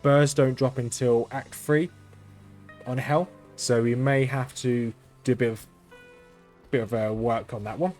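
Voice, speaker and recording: A man hosting a let's-play, talking through his game in a flat, understated way as he thinks aloud. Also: mid-range voice, a little slow, long pauses, soft background music. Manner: monotone, understated delivery; thinking aloud while playing. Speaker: gaming channel host.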